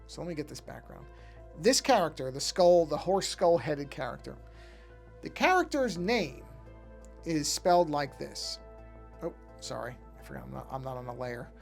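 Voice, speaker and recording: A man's voice: a little high, big pitch swings, moderate pace, gravelly, faint music behind. A man chatting casually to his live-stream chat while drawing, rambling and often breaking off to fix something. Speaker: art streamer.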